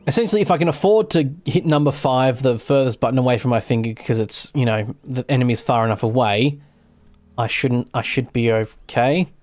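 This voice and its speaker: A man's voice: medium pitch, brisk, a little mellow. Australian man streaming a game. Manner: rambling, self-correcting, swears casually. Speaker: gaming streamer. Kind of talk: casual live gameplay commentary.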